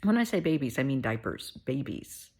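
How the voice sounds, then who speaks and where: A middle-aged woman hosting a heartfelt pep talk, soothing and motherly, sometimes dropping to a soft whisper. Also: very deep voice, big pitch swings, moderate pace, slightly rough. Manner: soothing, motherly, calls listener honey; drops to soft whispers at times. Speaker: host.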